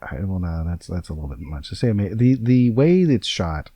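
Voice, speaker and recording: A man's voice: low voice, big pitch swings, a little fast, mellow, breathy edge, dry recording. A man hosting a casual podcast, rambling along with many fillers and self-corrections. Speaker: podcast host.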